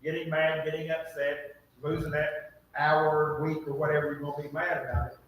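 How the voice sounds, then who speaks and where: A man in a church Bible class, making calm, reflective comments in the discussion. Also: on the high side, normal speed, roomy sound, a little hiss or hum, rough recording. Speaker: class member.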